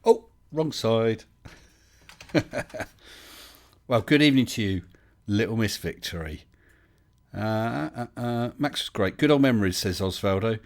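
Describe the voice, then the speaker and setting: A man's voice: lowish voice, lively intonation, measured pace, pauses often. A man, hosting a casual live stream and chatting his way through viewer comments with lots of fillers and restarts.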